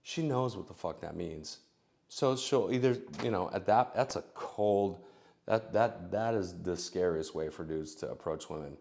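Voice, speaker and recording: Middle-aged guy, low-ish voice, loose rambling advice delivery, heavy on fillers and restarts. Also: moderate pace, creaky, darkish tone. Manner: rambling, filler-heavy, acts out both sides of conversations. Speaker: dating advice vlogger. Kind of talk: casual advice monologue.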